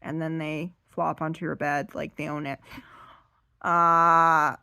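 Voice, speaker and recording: A woman doing seated stand-up comedy, rambling and animated as she acts out her stories. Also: deep voice, measured pace, vocal fry, dry recording.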